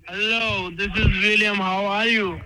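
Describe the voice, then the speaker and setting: A man cold-calling as a telemarketer, reading a halting, repetitive sales script over a distant phone line. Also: high voice, level tone, pushed and bright, smooth. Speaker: telemarketer caller.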